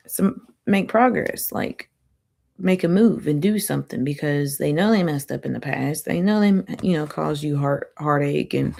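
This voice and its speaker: A woman doing a chatty, rambling tarot reading, her voice going hoarse. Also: deep voice, dark tone. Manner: chatty, rambling, self-interrupting. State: losing her voice. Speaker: tarot reader.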